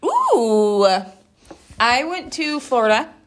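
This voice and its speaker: A woman's voice: sits high, huge pitch swings, slow. A woman co-hosting a podcast in casual chat, giggling often and talking with candy in her mouth. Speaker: podcast co-host.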